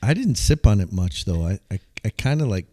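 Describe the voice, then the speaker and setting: Laid-back man co-host, deep voice, relaxed chat with plenty of laughter. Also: fairly quick. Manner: easygoing, laughs at his own jokes. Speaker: podcast co-host. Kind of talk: casual chat.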